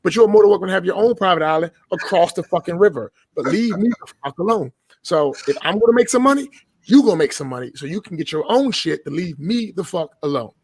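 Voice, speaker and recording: A man's voice: sits high, lively intonation, quick pace, husky, no echo. Profane, emphatic man, dry sound. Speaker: podcast guest. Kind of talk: casual podcast chat.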